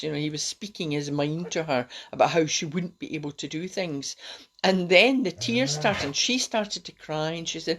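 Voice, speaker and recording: A woman's voice: on the low side, moderate pace. A middle-aged woman, hosting a rambling, encouraging self-help talk on a live stream. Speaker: host.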